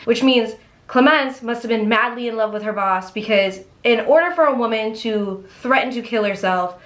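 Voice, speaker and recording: A woman's voice: a little high, moderate pace, hardly any pauses. Blunt, chatty young woman telling crime tales. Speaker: true crime YouTuber. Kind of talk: casual true crime storytelling.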